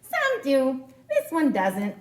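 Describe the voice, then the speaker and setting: A woman's voice: sits high, huge pitch swings, slow pace, reverberant, full character voice. A woman voicing a small, boastful mouse who insists he is a tiger, reading a storybook aloud. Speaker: storytime reader.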